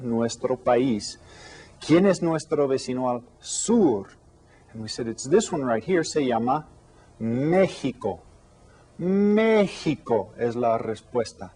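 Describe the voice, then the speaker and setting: A man teaching an elementary Spanish lesson to children, with slow, clear, patient speech that switches between English and Spanish. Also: medium pitch, animated, mellow.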